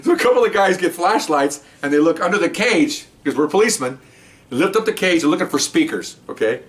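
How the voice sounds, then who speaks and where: A man's voice: on the high side, expressive, a little fast, fairly bright tone, distant mic. An older man, a retired police officer, casually telling a profane story and acting out the voices of the people in it. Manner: rambling, profane, acts out the voices in his story.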